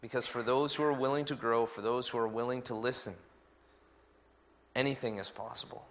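Guy pastor giving a sermon, steady earnest delivery, medium pitch. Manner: measured, earnest preaching with a lively anecdote.

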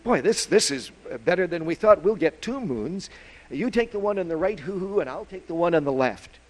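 A man voicing an excited young male whippoorwill chick in a church children's story, speaking in a raised, boyish, pleading voice. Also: sits high, moderate pace, voice pushed up. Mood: eager.

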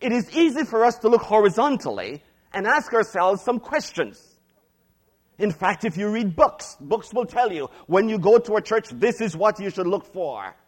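Male pastor, middle-aged, lively sermon delivery with a high, swooping voice. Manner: reads scripture slowly, varies pitch widely.

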